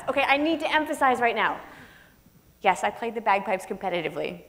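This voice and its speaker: In a reverberant opera house with faint noise, a guest author whose voice is a little high and a little fast tells comic stories on the large stage before an audience. She's lively and laughing, using a stage microphone during this storytelling Q&A.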